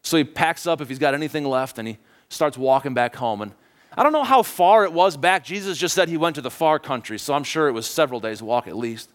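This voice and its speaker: A man preaching a sermon and retelling a story in a conversational, animated way, often asking the listeners questions. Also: on the high side, a little fast.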